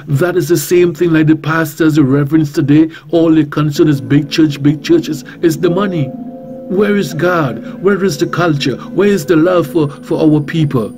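Bold Trinidadian preacher man on radio. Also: on the high side. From Trinidad and Tobago. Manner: bold, emphatic, repeats phrases, many rhetorical questions. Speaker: reverend and radio talk host.

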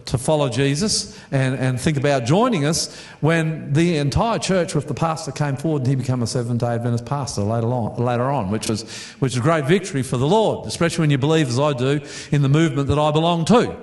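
A man's voice: medium pitch, a little fast, hardly any pauses, a little mellow, echoey room. A middle-aged Australian man preaching a sermon to a congregation, chatty, repeating words and putting questions to the audience. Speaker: pastor. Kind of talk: storytelling sermon.

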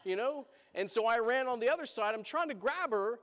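A man's voice: extremely high pitch, expressive, fairly quick, a bit bright, big-room sound. A male pastor telling a story in a sermon, chatty, with asides to the congregation.

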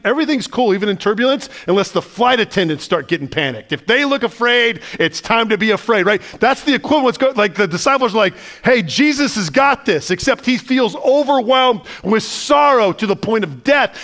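A man, the pastor, preaching a sermon in a conversational, animated way and asking the listeners lots of questions. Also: high-pitched, fairly quick, few pauses. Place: church sanctuary.

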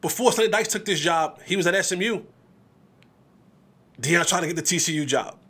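A man hosting a sports podcast, talking in an animated, emphatic way, repeating words as he builds his points. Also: sits high, a little fast, slightly rough. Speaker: podcast host.

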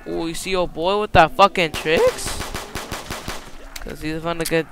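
A man giving profane, excitable commentary over a video game, slipping into Spanish slang, on a cheap headset mic. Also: a little high, measured pace. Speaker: gamer. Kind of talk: gameplay commentary.

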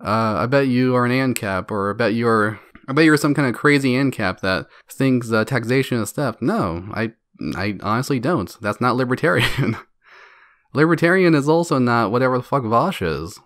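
A man's voice: mid-range voice, lively intonation, normal speed, a bit bright, no room sound, studio quality. A man hosting a solo podcast, ranting in a profane, mocking way and laughing between jabs. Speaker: podcast host.

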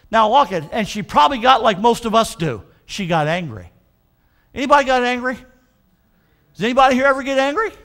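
High-voiced baptist-style preacher guy, punchy, keeps asking the church to answer back, drags out bible verses slow. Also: animated, pushed and bright. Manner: emphatic, call-and-response with the congregation; slows right down to stress scripture. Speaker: pastor. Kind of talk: sermon.

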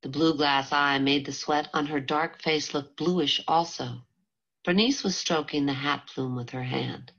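A woman reading a novel aloud in calm, measured scripted narration. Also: deep voice. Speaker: audiobook narrator. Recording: dull lo-fi home recording.

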